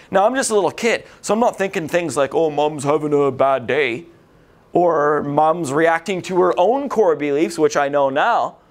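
A man lecturing a recovery group in a casual, rambling way, swearing freely and often. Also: fairly high pitch. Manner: swears a lot, vulgar, rambling.

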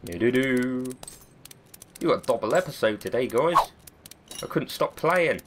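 Brief: male gaming host with a cold, casual, sweary, self-mocking play-by-play, mid pitch. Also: expressive, unhurried, noisy background. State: has a cold. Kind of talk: let's-play commentary.

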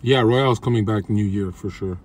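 A man's voice: on the low side, fairly quick. A man streaming from his car, talking in brash, crude trash-talk to his chat. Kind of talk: casual livestream chat.

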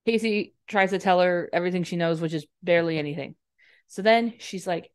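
Casual podcast host, female, lowish voice, filler-heavy recap delivery, dry booth sound. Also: brisk, clear, resonant tone, no room sound. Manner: chatty, swearing, lots of "like" fillers.

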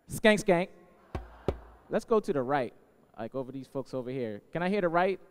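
A man, a musician, warming up a crowd with call-and-response chants, energetic and playful as he hypes them up. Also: mid-range voice, a little fast, a little hiss or hum. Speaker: musician leading the audience. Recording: long hall reverb.

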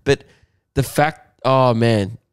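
A man's voice: medium pitch, slow, clear, resonant tone, dry recording, clean studio sound. A man, co-hosting a comedy podcast in casual, joking chat. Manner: joking, mock teacher rants. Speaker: podcast co-host.

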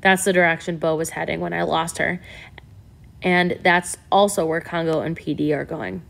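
A woman's voice: fairly low pitch, steady tone, normal speed, creaky, fairly bright tone. Laid-back male drone operator in a storybook, read by the narrator. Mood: focused.

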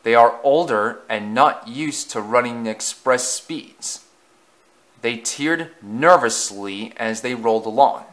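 A man narrating a children's railway story in a gentle, measured way. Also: mid-range voice.

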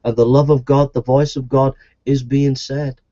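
A man's voice: mid-range voice, level tone, normal speed, mellow, highs cut off. A man preaching a sermon in an earnest, repetitive evangelistic style.

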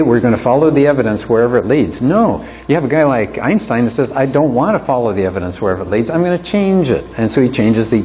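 A man's voice: mid-range voice, darkish tone, a little hiss or hum. A man teaching an apologetics class, lecturing conversationally and asking the students rhetorical questions.

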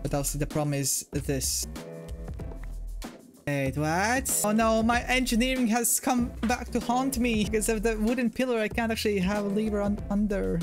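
A man giving playful commentary while he plays, thinking aloud, getting excited and making silly sound effects. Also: sits high, normal speed, music in the background. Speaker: Minecraft video creator.

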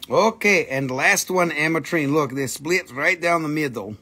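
Raspy, creaky-voiced man hawking minerals. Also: fairly high pitch, measured pace, bright, forceful tone. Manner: playful, hammy, mock broken English. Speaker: live-stream rock and mineral seller. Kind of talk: live sales stream patter.

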